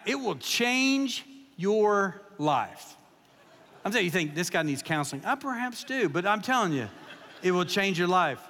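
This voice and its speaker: Joking preacher in a big hall. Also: male voice, high-pitched. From Kentucky. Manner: folksy, joking, animated storytelling. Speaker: guest preacher. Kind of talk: humorous sermon storytelling. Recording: long echo of a large hall.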